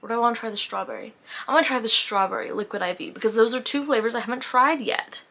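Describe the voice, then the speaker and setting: Female vlogger, casual chatty delivery, bright forward tone, rambling and self-mocking. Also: on the high side, fast. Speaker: book vlogger. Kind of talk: casual vlog chat.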